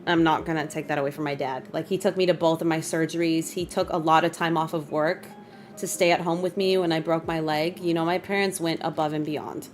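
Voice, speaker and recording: A young adult woman streamer chatting casually with her viewers, emotional and quick to laugh. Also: deep voice, steady tone. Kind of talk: casual live-stream chat. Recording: faint music behind.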